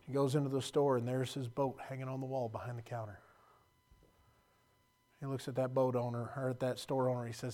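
Male preacher, middle pitch, emotional storyteller who swings between loud and hushed. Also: flat delivery, a little fast. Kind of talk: sermon.

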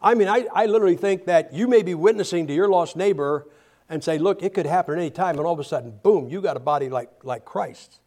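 A male preacher delivering a humorous, animated sermon, often restarting his sentences. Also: on the high side, brisk.

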